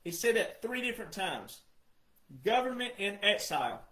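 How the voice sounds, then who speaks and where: A man giving an emphatic monologue, repeating his points insistently and addressing the audience as ladies and gentlemen. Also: sits high, sing-song, normal speed, reverberant, low-quality recording. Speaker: commentator.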